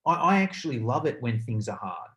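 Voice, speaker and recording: A young adult man hosting a podcast interview in an excitable, rambling way with lots of fillers. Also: medium pitch, a little fast. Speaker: podcast host. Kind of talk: casual interview chat.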